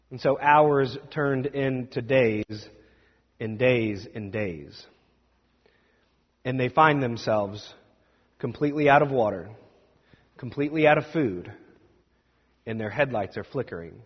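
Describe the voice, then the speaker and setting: A man preaching and telling a story dramatically, swinging between loud and hushed. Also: mid-range voice. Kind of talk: sermon storytelling. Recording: dull sound with long hall reverb.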